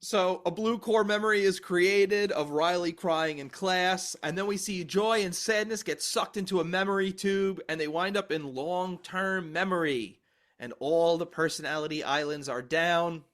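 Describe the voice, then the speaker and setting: A man's voice: high voice, normal speed, a bit bright. A man co-hosting a comedy podcast, recapping a film with jokey asides in casual chat.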